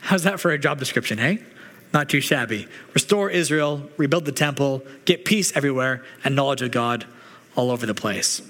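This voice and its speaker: A man's voice: medium pitch, normal speed, a bit bright. A man preaching a conversational sermon as a pastor, mixing prayer and casual asides.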